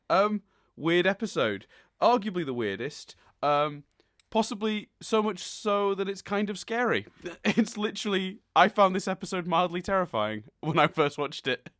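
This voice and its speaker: A man's voice: sits high, very animated, moderate pace, fairly bright tone, dry recording, clean studio sound. Chatty man hosting a podcast. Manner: chatty, laughs often, recaps plot. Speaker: podcast host. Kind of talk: casual podcast chat.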